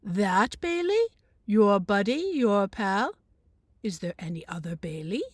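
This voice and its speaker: A woman voicing a calm, blunt old grandmother in a storybook read-aloud, speaking in plain, broken phrases as she coaxes. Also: mid-range voice, takes it slowly, dry recording, studio quality. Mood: gently probing.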